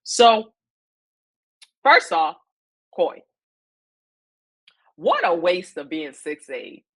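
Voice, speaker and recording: Opinionated woman with a lowish voice. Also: sing-song, very slow. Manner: opinionated, emphatic, repeats her points; chatty, with frequent fillers and slang. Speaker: vlogger recapping a reality show. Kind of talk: casual chat.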